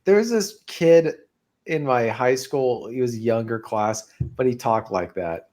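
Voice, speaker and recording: Man, podcast co-host, giggly, rambling banter, lively swinging pitch. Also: unhurried. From Pacific Northwest. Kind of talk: casual chat.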